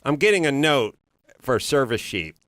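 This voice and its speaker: A man's voice: medium pitch, big pitch swings, normal speed, a bit bright, no room sound, clean studio sound. A man hosting a podcast, riffing through a swearing comedic rant full of tangents. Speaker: podcast host.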